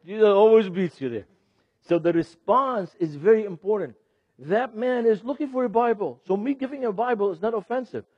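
A middle-aged man, a ministry speaker teaching an audience in a sermon style. He talks in an animated way, laughs often and puts questions to the audience. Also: high-pitched, a little fast, breathy edge, no echo. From Lebanon. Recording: dull, dry lo-fi recording.

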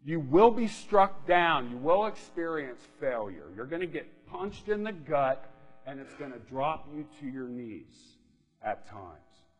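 A man's voice: fairly high pitch, big pitch swings, a little slow, faint music behind. A man preaching a sermon in a conversational way, often checking in with his listeners by asking "right?". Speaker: pastor. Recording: long reverb of a hall.

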